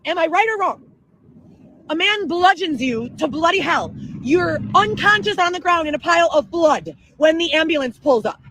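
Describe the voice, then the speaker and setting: A woman telling a long profane story in an excitable livestream rant. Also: extremely high pitch, moderate pace, no room sound, rough recording. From Chicago area, Illinois. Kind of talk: ranting livestream monologue.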